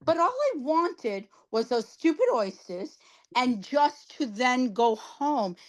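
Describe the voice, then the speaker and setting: An older woman spins a long story in relaxed podcast conversation. Her voice sits a bit high. She is chatty and animated, with a note of exasperation. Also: slow pace. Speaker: podcast co-host sharing her cancer treatment. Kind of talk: casual chat.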